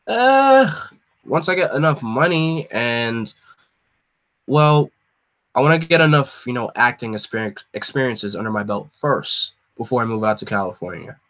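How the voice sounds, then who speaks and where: Young guy reading a comic out loud on stream, easygoing, kinda hesitant. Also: mid-range voice, lively intonation, normal speed, lo-fi sound. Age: young adult. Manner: casual, hesitant, with fillers. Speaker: host reading a comic aloud. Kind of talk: live comic reading and narration.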